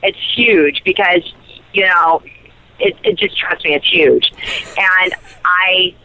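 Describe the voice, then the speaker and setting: A woman's voice: fairly low pitch, animated, slow pace, bright, forceful tone. A woman, an actress guest, telling a personal story in a chatty, giggly way with lots of fillers, heard over a phone line. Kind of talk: casual chat.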